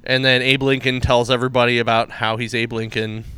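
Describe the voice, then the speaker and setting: A comic-reviewing podcast co-host talks a little fast in a mid-range, level voice that sounds pushed and bright, with a clean tone. His chat is casual, full of rambling plot retellings and laughter at his own jokes.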